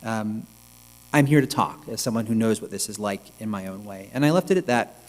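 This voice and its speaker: A male rabbi giving a reflective, measured sermon, with pauses, in a synagogue sanctuary. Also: fairly low pitch, animated. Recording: long reverb with mains hum.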